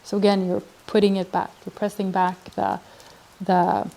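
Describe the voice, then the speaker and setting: A woman's voice: medium pitch, flat delivery, normal speed, vocal fry, dark tone. Woman talking through self-help advice. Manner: thoughtful, acts out example dialogues, frequent restarts. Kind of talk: casual advice talk.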